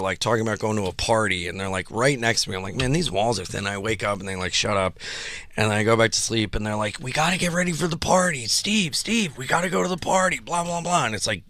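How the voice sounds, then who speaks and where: A man tells a story, lively and animated, jumping into the voices of the people he quotes and laughing along the way. The sound is dry and close, with no room around it. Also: on the low side, clear, resonant tone, no room sound. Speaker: guest comedian telling a story. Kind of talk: casual storytelling chat.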